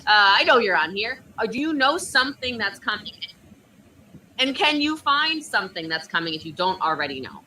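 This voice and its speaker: A woman coaching network marketers over a video call, talking with high energy and emphatic conviction. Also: very animated, moderate pace, sharp tone, distant mic, slight background noise, low-quality recording. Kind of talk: motivational coaching talk.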